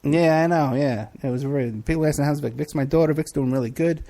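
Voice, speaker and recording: A man's voice: fairly high pitch, fairly quick, dark tone. A middle-aged man hosting a live show, chatting casually and rambling through questions from the chat with many fillers. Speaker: podcast host.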